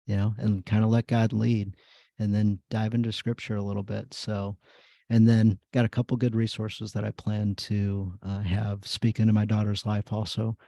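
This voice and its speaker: A man's voice: on the low side, little pitch movement, moderate pace, vocal fry, dark tone, dry recording. A man hosting a podcast, telling a personal story in casual chat, rambling with many fillers. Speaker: podcast host.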